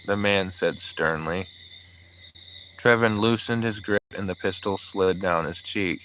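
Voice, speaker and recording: Deep-voiced male audiobook narrator. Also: steady tone, a little slow, pushed and bright, a little hiss or hum, low-quality recording. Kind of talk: scripted narration.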